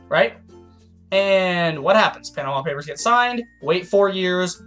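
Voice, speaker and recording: A man's voice: high voice, expressive, moderate pace, a bit bright, soft background music. A man giving a heated, profane political rant as a vlogger, stumbling over restarts. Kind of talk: ranting political commentary.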